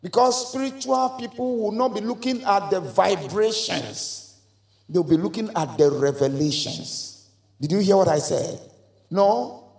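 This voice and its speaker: A man's voice: sits high, unhurried, creaky, a little mellow, roomy sound. A man preaching a sermon in a church, with emphatic call-and-response and repeated phrases. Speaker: pastor. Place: church hall.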